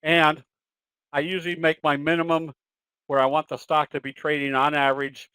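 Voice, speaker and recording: A man's voice: on the high side, little pitch movement, moderate pace, pushed and bright, clean tone, no echo, poor audio. A man presenting a trading webinar and answering questions, in a folksy, conversational way with fillers and self-corrections.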